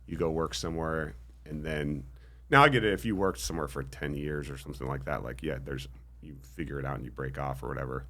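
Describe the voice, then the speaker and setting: A man's voice: a bass voice, fast, a bit bright. A man being interviewed on a podcast, speaking modestly and thoughtfully with frequent ums. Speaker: interview guest. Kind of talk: casual interview chat.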